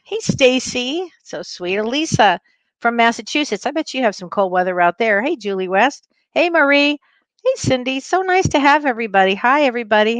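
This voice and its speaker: A woman's voice: fairly high pitch, fairly bright tone, no echo. Bubbly woman chatting on a home livestream, lots of laughs, dry close sound. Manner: bubbly, effusive, laughs often. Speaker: host and spiritual medium. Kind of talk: casual livestream chat.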